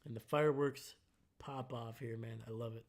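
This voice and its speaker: A young man with a medium-pitched voice speaks at normal speed, casually commenting over a football game on a live stream. Relaxed throughout, he ends nearly every sentence with "man."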